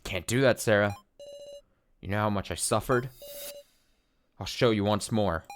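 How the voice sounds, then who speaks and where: A man reading as a phantom young man in a video game, cold and accusing, speaking slowly and low. Faint music plays underneath. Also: close to an everyday voice.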